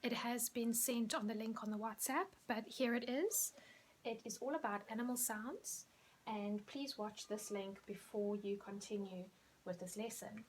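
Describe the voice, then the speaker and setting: Slow, clear woman teacher. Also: fairly high pitch, slight background noise. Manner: slow, clear, encouraging teacher talk, drawing out animal sounds. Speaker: primary school teacher. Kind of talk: recorded remote lesson for children.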